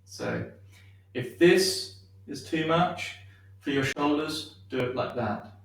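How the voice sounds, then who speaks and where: Slow, gentle man leading stretches. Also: a little high, huge pitch swings, vocal fry. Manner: gentle, unhurried guiding with many ums. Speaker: shiatsu teacher. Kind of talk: guided movement class. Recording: echoey room, far from mic.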